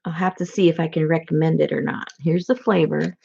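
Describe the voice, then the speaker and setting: Chatty gravelly woman, lo-fi sound. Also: deep voice, fairly even intonation, fairly quick, mellow. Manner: chatty, giggly, rambling. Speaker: crafter showing handmade gifts. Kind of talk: casual vlog chat.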